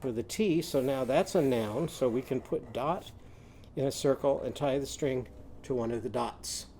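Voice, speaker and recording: A man's voice: mid-range voice, warm tone, a little hiss or hum. Patient man teaching children phonics. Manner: slow, patient step-by-step instructions, sounding out words. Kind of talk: children's drawing and phonics lesson.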